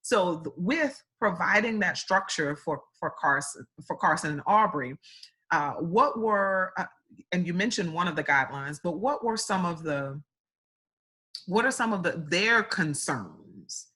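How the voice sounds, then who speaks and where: A woman's voice: on the low side, lively intonation, unhurried, bright, forceful tone, breathy edge. A woman hosting an interview, asking questions with frequent restarts and summing up her guest's answers. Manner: repeats and restarts, summarizes what guest said. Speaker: interviewer, host. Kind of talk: casual interview conversation.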